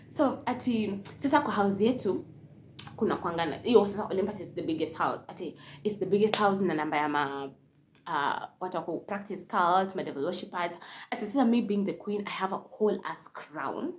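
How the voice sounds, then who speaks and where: A young Kenyan woman telling a casual storytime, switching between Swahili and English, animated and laughing often. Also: medium pitch, brisk, slight background noise. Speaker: vlogger.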